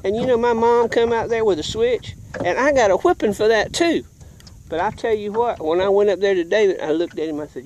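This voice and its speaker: A middle-aged man spins a childhood tale in a lively, folksy way while he fishes out on the water. His voice sits fairly high for a man, and he throws himself into the voices and sound effects. There is a faint hiss of noise behind him. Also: a little fast. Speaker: vlogger telling a childhood story while fishing. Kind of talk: casual storytelling. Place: outdoors on the water, fishing.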